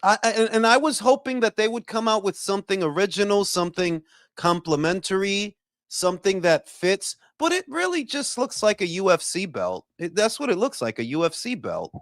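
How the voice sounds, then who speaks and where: A man who hosts a boxing talk livestream, chatting casually and profanely and giving shout-outs to his chat. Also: high voice, very animated, moderate pace, dry recording, clean studio sound. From Dominican heritage. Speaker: boxing talk show host.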